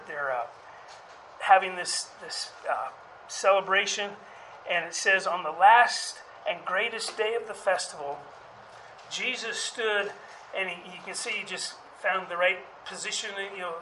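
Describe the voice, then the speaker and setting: A man's voice: sits high, bright, forceful tone, a little hiss or hum, poor audio. A male pastor preaching a sermon in a conversational way, with fillers and restarts, rising to emphatic calls.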